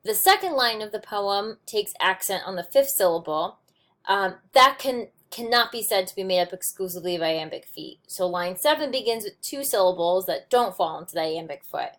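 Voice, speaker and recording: A woman's voice: medium pitch, lively intonation, moderate pace, fairly bright tone. Woman explaining poetry meter. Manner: explanatory, with frequent ums and restarts. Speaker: teacher. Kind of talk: recorded lecture on poetry notes.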